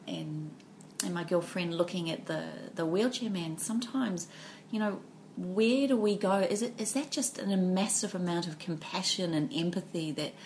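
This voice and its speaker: A woman's voice: lowish voice, darkish tone, slight background noise. Reflective New woman co-host. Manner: reflective, storytelling, many fillers. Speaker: podcast co-host. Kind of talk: casual chat.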